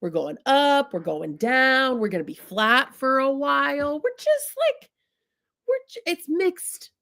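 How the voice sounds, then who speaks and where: Lively comic woman storyteller. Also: high voice, slow pace. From US Midwest. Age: adult, married. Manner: chatty, comic, addresses listeners as "y'all". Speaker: speaker telling a personal story. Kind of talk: humorous storytelling talk.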